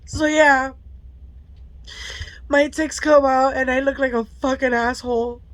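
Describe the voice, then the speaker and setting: A woman's voice: sits high, fairly even intonation, a little slow, dry recording. A mother telling a frank personal storytime, emotional and full of swearing, tearful at times. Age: adult parent of a school-age child. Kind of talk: candid storytime vlog.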